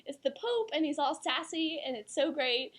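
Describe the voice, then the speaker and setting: A woman's voice: high-pitched, animated, normal speed. A young woman co-hosting a student talk show in a giggly, gushing casual chat, peppering her talk with "like.". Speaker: co-host.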